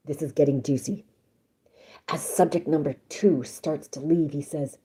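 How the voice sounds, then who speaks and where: On a live stream, a woman reads a story aloud in a low, warm voice at normal speed. She's chatty and playful, breaking off between passages to swear and joke.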